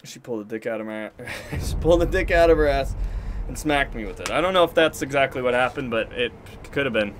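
A man's voice: medium pitch, lively intonation, fast, a little hiss or hum. A man commentating a live game stream, swearing often and raging at his losses, then laughing it off.

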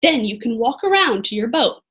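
Woman reading, as a kind old monk from a storybook, solemn and measured. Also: a little high, big pitch swings, fairly bright tone, dull audio. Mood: urgent. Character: calm, kindly man, an old monastery monk.

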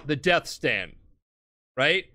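Drunk, rambling man with a bright voice. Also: fairly high pitch, sing-song, drawn-out words. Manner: rambling, profane, laughing, acts out characters. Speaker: podcast host. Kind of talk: casual comedic retelling.

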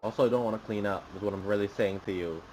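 A man's voice: on the low side, rapid-fire, a little mellow, a little hiss or hum. A young man giving casual gaming commentary, chatty and prone to repeating himself. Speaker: gameplay commentator.

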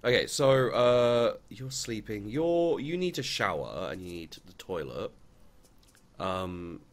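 A man with a very low voice narrates a survival game in an offhand, conversational way. His pitch jumps around animatedly, swinging between low grumbles and sudden exclamations aimed at the characters on screen. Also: big pitch swings, slow. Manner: mutters and exclaims to game characters, swears freely. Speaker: let's play gamer. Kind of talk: casual gameplay commentary.

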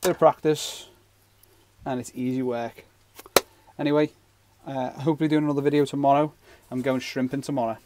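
A man's voice: medium pitch, fairly even intonation, fairly quick, noisy background. A man giving a casual, rambling fishing knot tutorial with jokey asides. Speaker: fishing channel host.

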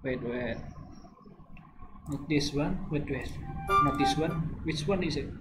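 Slow, laid-back man with Indonesian accent. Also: on the high side, music in the background, poor audio. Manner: laid-back, greets viewers, mixes in Indonesian words. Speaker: streamer. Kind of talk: live-stream reaction chat.

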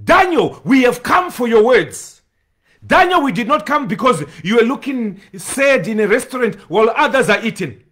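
High husky-voiced male preacher. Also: very animated, normal speed, fairly bright tone. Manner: emphatic, repetitive preaching with bursts of tongues. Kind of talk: sermon.

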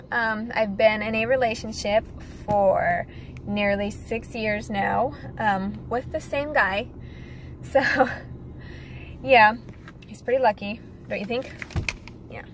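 A woman's voice: a little high, steady tone, takes it slowly, long pauses, a bit bright, a little hiss or hum, poor audio. A young woman with no accent, a model chatting casually to her viewers, giggly and direct. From United States. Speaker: model and vlogger. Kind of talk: casual chat to camera.

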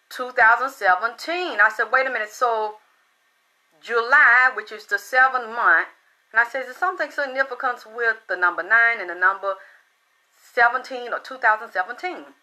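A woman host telling a story in a casual monologue, blunt and profane, who gets excitable and repeats herself. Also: a little high, moderate pace, low-quality recording. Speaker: spiritual reader and channel host.

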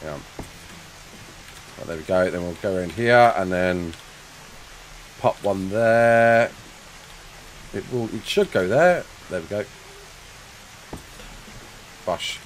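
A chatty male streamer who laughs easily and reads chat aloud while playing. His pitch swings freely from low mutters to high bursts. A faint hum of noise sits under his voice. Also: expressive, takes it slowly, long pauses, rough recording. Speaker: game streamer.

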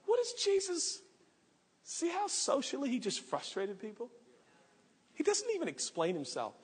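A male pastor preaching a sermon, telling a story with lively acted-out voices and frequent laughter. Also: very high-pitched, moderate pace, pauses often, breathy edge, long reverb tail. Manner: animated storytelling, acts out voices, laughs often. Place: large church hall.

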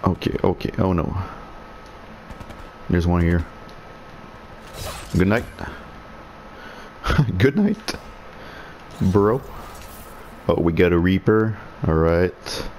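A man's voice: low voice, expressive, extremely slow, pauses often, darkish tone, slight background noise. A man giving sarcastic, swearing commentary on his own online shooter match, muttering in frustration, a non-native speaker of English whose first language is French. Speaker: gaming streamer. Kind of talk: live gameplay commentary.

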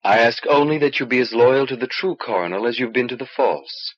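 A man voicing a calm, gentle young exiled lord who speaks in a measured way, on an old cassette recording. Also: mid-range voice, slightly rough, muffled recording, lightly acted.

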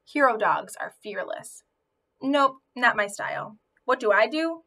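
A woman reading a children's novel aloud, telling it in an expressive first-person voice. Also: fairly high pitch, unhurried. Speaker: audiobook reader.

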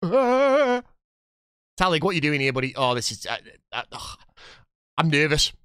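A chatty man in his thirties streams a football management game and jumps between joking with his viewers and yelling at the match. His voice sits on the higher side and rises and falls freely. The sound is dry, with no room around it. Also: sing-song, a little slow, clear, resonant tone, no room sound. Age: 30s. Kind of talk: live gameplay commentary and chat.

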